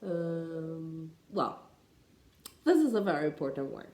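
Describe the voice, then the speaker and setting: A woman teaching English pronunciation, talking slowly and deliberately with frequent hesitations. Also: sits low, big pitch swings, a little mellow, echoey room. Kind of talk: pronunciation lesson to camera.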